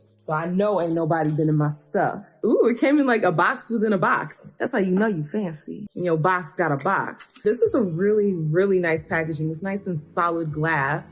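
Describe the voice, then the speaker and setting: Woman, beauty vlogger, casual chat, lowish voice, playful asides, faint music behind. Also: slightly rough. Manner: chatty, reads labels aloud with playful asides.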